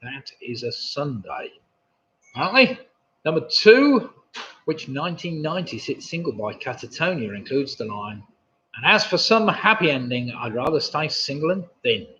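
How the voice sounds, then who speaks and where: A man's voice: medium pitch, big pitch swings, moderate pace, pushed and bright. A man hosting a live pub quiz, reading questions with chatty, jokey asides. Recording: dull lo-fi stream audio.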